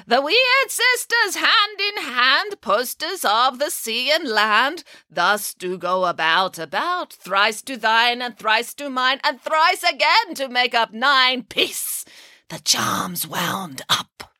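A woman voicing three sisters dressed up as witches, chanting slowly in a sing-song way. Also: a little high, lively intonation, pushed and bright, no room sound, clean studio sound, voice pushed up, full character voice.

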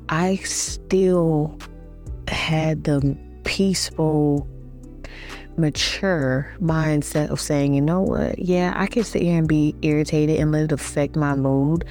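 A woman with a low, mellow voice talks to her viewers in a loose, reflective monologue. She rambles informally with lots of fillers. Faint music plays behind her. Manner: chatty, uses many fillers and informal phrasing. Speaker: vlogger.

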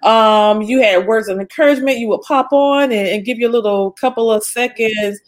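A woman's voice: fairly high pitch, moderate pace. A woman hosting her own interview show, asking earnest, encouraging questions. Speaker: host and founder of the show. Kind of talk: interview host.

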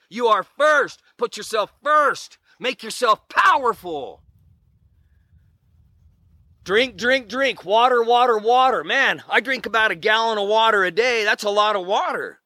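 Middle aged guy giving a fired up pep talk, high voice, pretty dry sound. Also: animated, slow, bright, forceful tone, dry recording. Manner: earnest, emphatic, preachy with repeated exclamations. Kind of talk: motivational talk.

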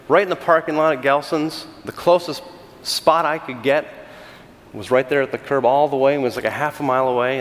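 A middle-aged man from California, a senior pastor giving a conversational sermon with animated, self-deprecating storytelling and frequent restarts. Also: mid-range voice, in a large hall.

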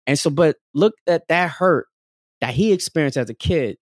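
A man's voice: a little high, lively intonation, normal speed, dry recording, studio quality. A man in casual conversation, talking openly and animatedly, full of fillers, often acting out other people's voices and laughing. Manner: frequent fillers like "like" and "um".

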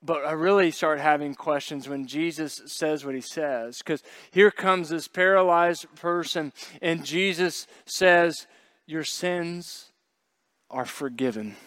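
A male pastor delivers a sermon in a loose, conversational style, slipping in jokes and putting on little voices for the people in his story. His voice sits a bit high for a man and sounds smooth and clear. The sound is close and dry. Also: slow, a bit bright, dry recording. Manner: conversational, joking asides, acts out quoted voices.

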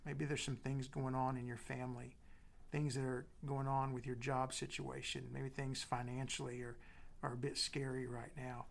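A middle-aged man preaching a sermon as pastor, dropping to soft whispers and building with emphatic repetition. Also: mid-range voice, flat delivery, normal speed, gravelly.

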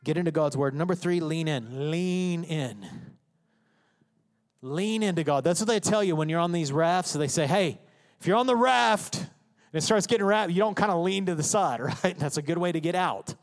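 A pastor preaches a brisk sermon from the stage, his high, bright male voice resounding in a reverberant sanctuary. He speaks with emphasis in a conversational way, slipping into the voices and prayers of those in his congregation.

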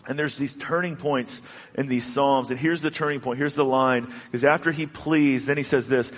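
Earnest pastor preaching in a reverberant hall. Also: male voice, mid-range voice, fairly even intonation. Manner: earnest, halting with many restarts and fillers. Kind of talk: sermon.

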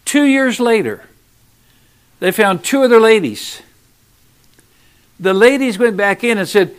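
Emphatic high-voiced preacher. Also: male voice, expressive, a little slow, long pauses, clear, resonant tone. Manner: emphatic, swinging between loud urging and hushed asides. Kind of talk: sermon.

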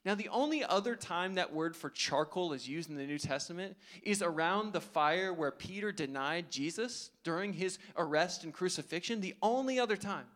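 A man's voice: sits high, expressive, moderate pace, hardly any pauses, a bit bright. A man preaching a sermon in an earnest, conversational way, asking the congregation rhetorical questions. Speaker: pastor.

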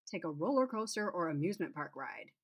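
A woman's voice: on the low side, expressive, fairly quick, husky. A woman voicing a nosy, laid-back young man who needles and teases. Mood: teasing. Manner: wry, needling.

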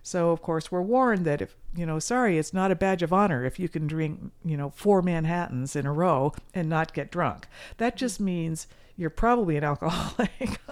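Woman, middle-aged, lowish voice, earnest, animated, casual interview guest. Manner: earnest and animated, with sudden loud mimicry. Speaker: guest musician.

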